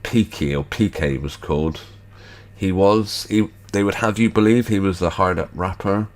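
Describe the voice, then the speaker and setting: Man, very low voice, skeptical host, rambling commentary, lots of fillers. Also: normal speed. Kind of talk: casual commentary over video clips.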